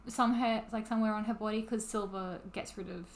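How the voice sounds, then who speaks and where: A woman's voice: medium pitch, fairly even intonation, fairly quick. Young aussie woman co-hosting a podcast, chatty, blunt little asides, swears a bit. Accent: Australian. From Australia. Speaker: podcast co-host. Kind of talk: casual chat.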